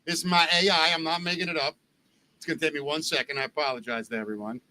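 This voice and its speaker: Bright, joking man hosting a podcast. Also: fairly high pitch, fast talker. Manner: joking, animated storyteller. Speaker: podcast host. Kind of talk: casual podcast banter.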